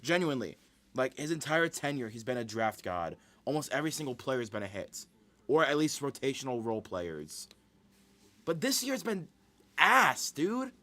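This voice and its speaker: A man's voice: medium pitch, expressive, fairly quick, fairly bright tone. A young man hosting a live sports stream, venting his frustration over a draft in a repetitive, ranting way.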